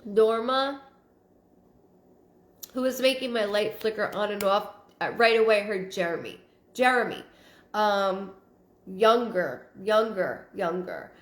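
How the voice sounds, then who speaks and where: A woman of middle pitch giving live-stream psychic readings, her words coming in broken, repeated bits as she thinks aloud. She reads viewers' comments out loud between readings, and the room around her rings with a noticeable echo. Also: takes it slowly, long pauses. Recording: roomy echo.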